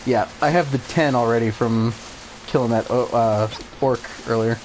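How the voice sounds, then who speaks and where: A man chatting as he plays through a video game on stream. His voice sits at an average pitch, loose and offhand, and he swears freely. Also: unhurried, a little mellow, a little hiss or hum, low-quality recording. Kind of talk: casual let's-play commentary.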